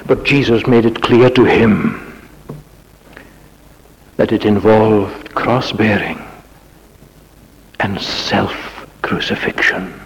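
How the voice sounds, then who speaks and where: A man preaching a sermon in a church, with dramatic rising questions and sudden quiet passages. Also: on the low side, slow pace, gravelly, pauses often, in a large hall, low-quality recording.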